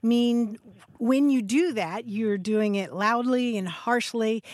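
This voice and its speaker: A woman with a fairly high voice co-hosts a call-in radio show, unpacking word origins in an easy explanatory way. She laughs often as she talks. The studio sound is close and dry. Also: takes it slowly, dry recording. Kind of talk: call-in radio chat on language.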